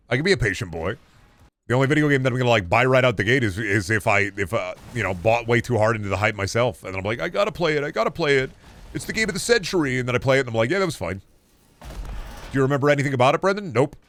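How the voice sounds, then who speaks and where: A man's voice: medium pitch, a bit bright, no echo. A young man streaming a shooter game, riffing with goofy, profane jokes and mock voices. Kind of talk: casual gameplay commentary.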